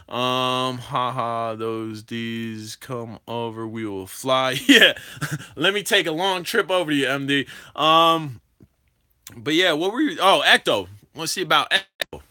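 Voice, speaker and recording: A young man hosting a drone livestream, chatting casually with viewers in a hyper, slangy way. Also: medium pitch. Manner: hyper, animated, slangy, talks to chat.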